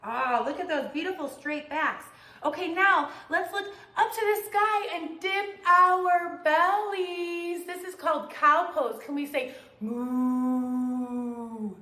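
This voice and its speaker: High, bright woman guiding kids' yoga. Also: a little slow, roomy sound. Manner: upbeat, sing-song coaching of children. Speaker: kids yoga instructor. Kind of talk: guided children's yoga class.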